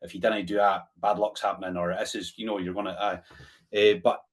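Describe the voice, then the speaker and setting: A man's voice: lowish voice, little pitch movement, fairly quick. A man with a northern Scottish accent, hosting a podcast in casual, rambling chat with frequent laughs. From Scotland. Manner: chatty, rambling, laughs often, tag questions. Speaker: podcast host.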